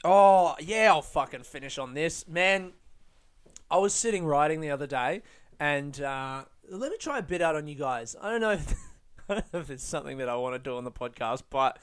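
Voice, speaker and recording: A man's voice: fairly high pitch, expressive, normal speed, clean tone. A man hosting a casual solo podcast, rambling in a profane, self-mocking way. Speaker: podcast host. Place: London, UK.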